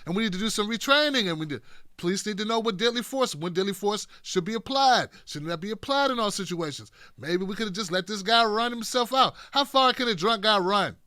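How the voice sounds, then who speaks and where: A man riffs on political clips with a jokey, sarcastic edge, now and then acting out other people's voices. His voice sits high and sounds bright and crisp. The sound is dry, with no room echo. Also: expressive, brisk. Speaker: political commentator. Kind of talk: casual commentary on clips.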